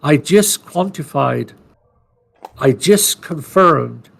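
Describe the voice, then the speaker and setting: A man co-hosting a podcast, his voice rough with a gravelly, fried edge. He tells his story in a loose, rambling way, salty and blunt, often restarting his sentences. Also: fairly high pitch, animated, drawn-out words, fairly bright tone. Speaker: podcast co-host.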